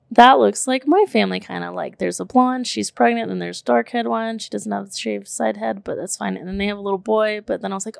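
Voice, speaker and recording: A woman in her thirties telling a story in casual chat, animated and emphatic, full of "like" and the odd curse word. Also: medium pitch, normal speed, gravelly, no echo, clean studio sound. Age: 30s.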